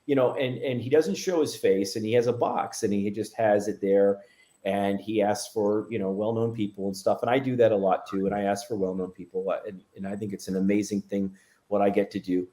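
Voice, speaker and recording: A man's voice: fairly low pitch, steady tone, fairly quick, mellow. A man, a medium guest, telling a story in a casual interview, rambling with many fillers and restarts.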